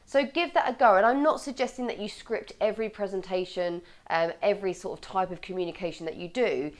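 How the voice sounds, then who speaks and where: An upbeat woman coaching viewers on how they speak, with a lively delivery. She leans hard on the key words and keeps a steady, mid-range voice. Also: medium pitch, fairly quick. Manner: lively, bright presenting with clear stressed words. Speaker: communication coach. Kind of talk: presenting a video tip.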